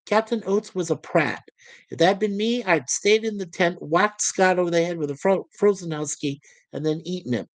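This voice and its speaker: A woman's voice: fairly low pitch, moderate pace, dry recording, natural voice. A woman voicing a smug, cynical male officer who rants in a sneering way. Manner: sneering, ranting.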